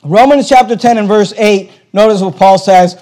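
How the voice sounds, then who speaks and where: High-voiced emphatic preacher man. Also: moderate pace, mellow, rough recording. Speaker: pastor. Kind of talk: sermon.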